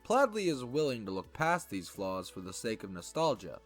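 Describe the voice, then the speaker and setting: A man narrating a scripted video essay with a wry, lively delivery. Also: medium pitch, normal speed, faint music behind.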